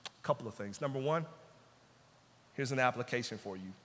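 A man pastor preaching a sermon with emphasis, repeating key phrases and dropping to hushed tones. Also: mid-range voice, lively intonation, a little fast, a little hiss or hum. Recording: long hall reverb.

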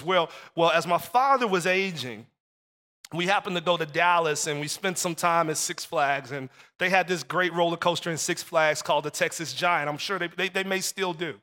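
A man's voice: sits high, bright, forceful tone, long reverb tail. A man preaching a sermon as pastor, telling a personal story and repeating phrases for emphasis.

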